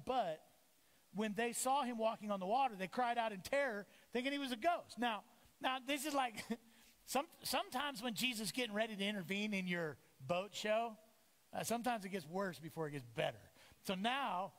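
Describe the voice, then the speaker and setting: Pastor guy preaching, pretty high voice, acts out bible characters, big church reverb. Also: moderate pace. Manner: animated, acts out voices of the disciples and Jesus. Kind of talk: lively sermon. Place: church sanctuary. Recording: echoey church hall.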